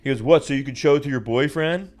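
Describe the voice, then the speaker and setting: A young man hosting a casual comedy podcast, telling animated stories and swearing a lot. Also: on the high side, fast talker. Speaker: podcast host.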